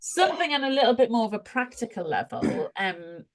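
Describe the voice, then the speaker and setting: A woman co-hosting a casual spiritual chat podcast, reflective and gently encouraging as she talks through everyday examples. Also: on the high side, very animated, fairly quick. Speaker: podcast co-host.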